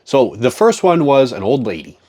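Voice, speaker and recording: A man's voice: mid-range voice, big pitch swings, normal speed, a little mellow. A man in a profane, joking, rambling casual chat, talking as a comic collector.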